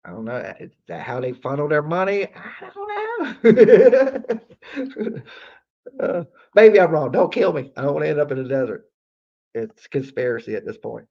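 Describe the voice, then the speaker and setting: A man's voice: medium pitch, lively intonation, fairly quick, vocal fry, lo-fi sound. A man telling a story on a late-night livestream in a casual, profane, rambling way, leaning on "like" and repeating himself. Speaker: livestream host. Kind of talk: casual live-stream storytelling.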